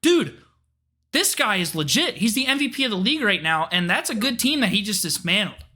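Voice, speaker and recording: Bright sharp voice, podcast cohost ranting about football, swears a lot. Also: mid-range voice, brisk. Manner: animated ranting, frequent swearing. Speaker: podcast co-host. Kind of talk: casual sports chat.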